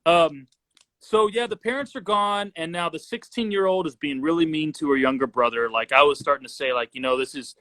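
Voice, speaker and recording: Laid-back high-voiced man saying bro. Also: fairly quick, pushed and bright. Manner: laid-back, lots of "bro" and "like", laughs easily. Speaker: horror movie discussion co-host. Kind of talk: casual chat. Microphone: live social video stream.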